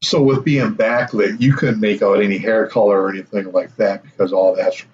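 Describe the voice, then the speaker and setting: A man's voice: lowish voice, steady tone, brisk, a little mellow. A man hosting a podcast, reacting to the guest and asking follow-up questions. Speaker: podcast host. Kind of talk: casual interview. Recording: dull lo-fi audio with faint noise.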